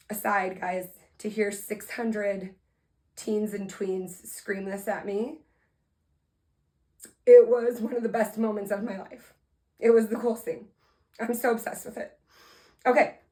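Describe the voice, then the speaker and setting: A woman host giving an energetic, heartfelt motivational talk, playful and upbeat with excited asides. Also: medium pitch, unhurried, poor audio.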